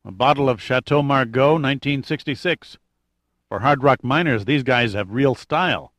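Guy doing a gloomy wry sidekick in an audiobook, deadpan jokes, dry mic. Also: medium pitch, normal speed, no room sound, lightly acted. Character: Giordino, adult man, gloomy wisecracker.

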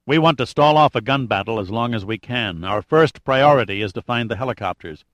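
A man voicing a calm, decisive male team leader in an audiobook, using his own steady voice. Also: medium pitch, a little fast, no echo, lightly acted. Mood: firm.

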